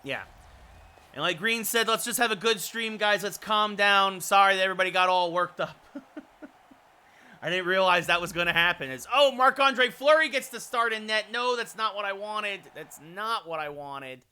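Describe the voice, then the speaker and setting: At a moderate pace and in a smooth, high-sitting voice, a streamer chats with his livestream viewers. He also calls hockey play-by-play in a video game, getting excited during the calls.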